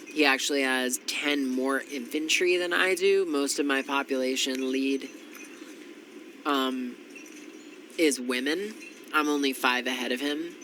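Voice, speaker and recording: A tired, congested man talks through a strategy match in a slow, unhurried way, thinking aloud and filling pauses with ums. His voice is bright and forward, with a little faint noise behind it. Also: mid-range voice, poor audio. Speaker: strategy game commentator. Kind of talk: casual gameplay commentary.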